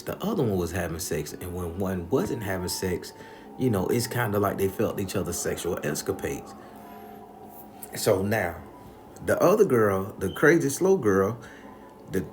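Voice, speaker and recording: Brief: male storyteller with a low voice, crude and animated, profane slang, faint noise behind him. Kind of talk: comedic storytelling.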